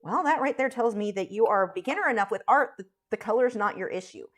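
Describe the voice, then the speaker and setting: A woman's voice: a little high, animated, fast. A woman chatting casually while teaching a live drawing stream, frank and talkative, with frequent fillers and restarts. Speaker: art instructor streaming live.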